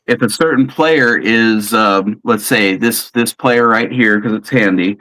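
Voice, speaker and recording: A man's voice: on the low side, measured pace, bright, forceful tone, poor audio. A man in a casual chat, patiently explaining how he runs a tabletop role-playing game, often restarting his sentences.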